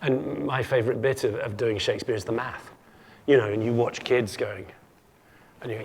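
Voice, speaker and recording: A man's voice: mid-range voice, steady tone, normal speed, gravelly, slight background noise. A man giving a humorous keynote lecture to an audience, playful and jokey, often stumbling and restarting his sentences. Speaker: keynote speaker.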